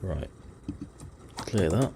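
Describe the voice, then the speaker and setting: A man's voice: sits low, lively intonation, extremely slow, creaky, warm tone, slight background noise. A man hosting a let's play, giving casual strategy game commentary and muttering to himself with self-deprecating asides.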